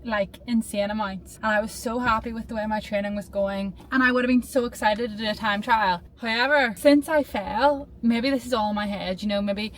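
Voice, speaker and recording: A young woman talks casually to her handheld camera, chatty and full of nervous self-doubt. Her voice sits a little high. Faint background ambience runs under the recording. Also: fairly even intonation, a little fast, few pauses, slight background noise. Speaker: vlogger. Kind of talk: casual vlog chat to camera. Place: outdoors and in a car.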